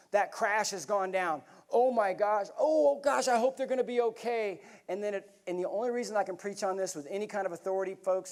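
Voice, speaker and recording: A middle-aged man speaks from a conference stage in a fairly high voice. He tells stories in an earnest, folksy way and talks to the crowd like neighbors. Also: darkish tone. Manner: storytelling, earnest and folksy, addresses crowd as y'all. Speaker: keynote speaker. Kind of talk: motivational speech. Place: conference hall.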